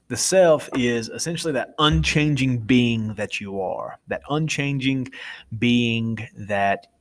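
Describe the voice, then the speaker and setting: Chatty man giving a casual lecture. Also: medium pitch. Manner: chatty, informal, self-correcting. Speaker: teacher.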